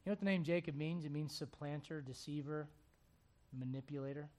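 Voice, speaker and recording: A man preaching a sermon, his voice sitting a bit high for a man. He tells scripture stories in a casual, conversational way, speeding up and leaning in as the story builds. The delivery is a pastor speaking to his congregation. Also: fairly even intonation, fairly quick, darkish tone.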